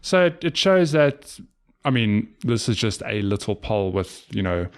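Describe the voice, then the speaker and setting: A man's voice: fairly low pitch, sing-song, unhurried, clear, resonant tone. A man co-hosting a casual gaming podcast, chatty and laughing often. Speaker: podcast co-host.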